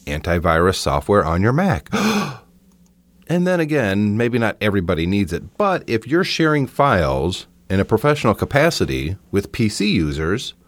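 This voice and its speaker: A man's voice: lowish voice, dry recording. A man hosting a podcast, talking casually and giving his opinions, often restarting his sentences. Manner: chatty and opinionated, with frequent restarts. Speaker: podcast host. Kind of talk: casual solo podcast talk.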